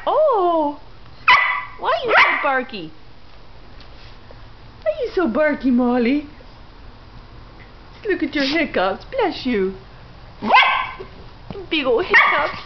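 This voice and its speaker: A woman's voice: high-pitched, sing-song, slow, pauses often. A woman filming her puppy at home on a handheld camera, talking to it in a doting, sing-song, teasing way, with a dog barking behind her, in a dull home video with background noise. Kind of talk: home video baby talk to a pet. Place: home, indoors.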